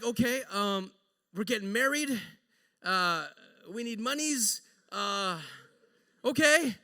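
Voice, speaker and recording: A man, a pastor, telling a story in a sermon in an animated, joking, conversational way, recorded in a church sanctuary. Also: very high-pitched, in a large hall.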